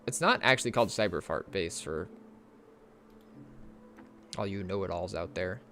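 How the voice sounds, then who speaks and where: A man chatting casually on a live gaming stream, easily excited and cooing at his cat. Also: low voice, normal speed, slight background noise.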